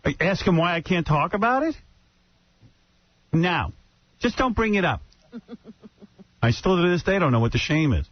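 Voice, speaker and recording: A man hosting a radio show, telling animated stories and acting out his parents in raised voices. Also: a little high, a little slow, pauses often, no room sound. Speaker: radio host. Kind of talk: storytelling banter. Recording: muffled radio broadcast audio.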